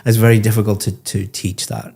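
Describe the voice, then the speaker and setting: A man's voice: on the low side, level tone, very fast, vocal fry, warm tone, slight background noise. A man working as an English exam teacher, giving a student patient, explanatory spoken feedback and acting out short example phrases. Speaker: IELTS teacher and examiner.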